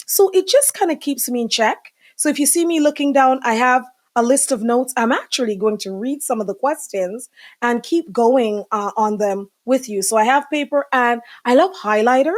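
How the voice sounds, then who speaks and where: Chatty middle-aged woman hosting a podcast. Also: fairly high pitch. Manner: chatty, warm asides, many fillers. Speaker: podcast host. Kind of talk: live casual chat.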